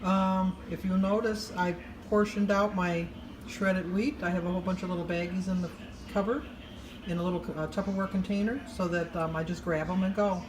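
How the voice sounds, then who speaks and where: A woman's voice: fairly low pitch, steady tone, brisk, background noise. A woman in her sixties chatting casually to camera at home, rambling and homey in her delivery. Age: 60s. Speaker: vlogger.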